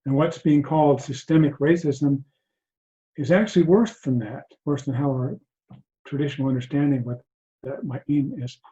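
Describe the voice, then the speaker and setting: A man teaching mindfulness to an online group, speaking softly and haltingly with frequent restarts over a video call. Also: fairly high pitch, fairly even intonation. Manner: soft-spoken, halting, many restarts. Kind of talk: reflective talk to an online group. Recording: dull lo-fi video call audio.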